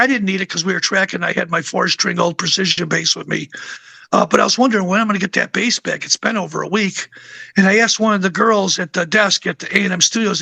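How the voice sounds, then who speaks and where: A man's voice: sits high, creaky, bright, forceful tone, no room sound. An older man, a musician guest, telling a rambling anecdote in a casual interview with plenty of fillers.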